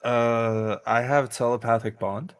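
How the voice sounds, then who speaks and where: A man's voice: medium pitch, steady tone, unhurried, clean tone, no room sound. A man playing a tabletop game, laid-back and laughing, swearing as his character. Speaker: player. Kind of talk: casual in-character play.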